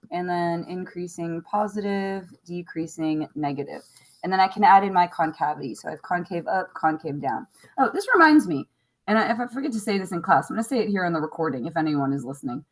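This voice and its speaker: A woman teacher going over a math test on a recording, chatty and wry, thinking out loud as she works. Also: lowish voice, poor audio. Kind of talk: recorded classroom lesson review.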